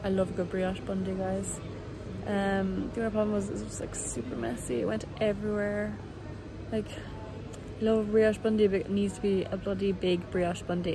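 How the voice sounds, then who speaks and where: A woman's voice: mid-range voice, background noise. Tired woman vlogging on a phone. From Ireland. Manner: chatty, rambling, self-mocking. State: tired from long travel. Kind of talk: casual travel vlog. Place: airport room and plane cabin.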